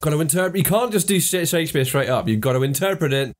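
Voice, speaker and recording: A man's voice: a little high, lively intonation, fast. A man co-hosting a podcast, tossing in playful, jokey asides in casual chat. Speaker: podcast co-host. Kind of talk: casual improvised brainstorming chat.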